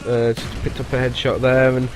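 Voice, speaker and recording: A man giving casual, rambling voice-over commentary on his own gameplay, pausing often with "uh" and restarting sentences. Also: medium pitch, completely flat delivery, over music. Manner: rambling, halting, with frequent "uh" and restarts. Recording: voice-over with loud game gunfire underneath.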